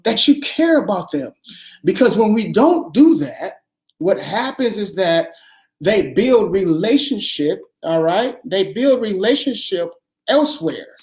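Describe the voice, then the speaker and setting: A man's voice: high voice, big pitch swings, unhurried, a little mellow. A man hosting an earnest advice talk, speaking emphatically and repeating his phrases, with plenty of fillers.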